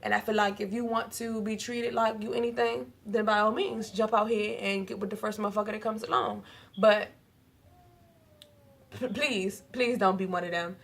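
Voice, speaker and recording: A young woman telling a story to the camera in a casual vlog, animated and profane, laughing often. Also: medium pitch, moderate pace, vocal fry. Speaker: vlogger.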